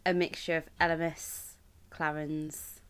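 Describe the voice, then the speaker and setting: A woman's voice: low voice, flat delivery, unhurried, clear, resonant tone. A woman co-hosting a podcast, chatting casually and explaining things with restarts. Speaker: podcast co-host. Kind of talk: casual chat.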